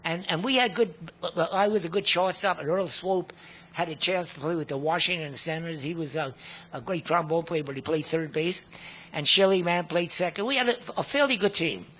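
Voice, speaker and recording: A guest musician in his nineties reminisces in a rambling way, often repeating words and chuckling at his own stories. His voice is on the high side, brisk, pushed, and bright, with slight background noise.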